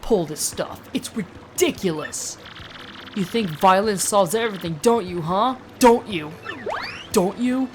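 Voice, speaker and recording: A woman's voice: medium pitch, animated, measured pace, close to an everyday voice. A woman voicing a cocky, mocking male street thug with a tough, taunting manner, over game music.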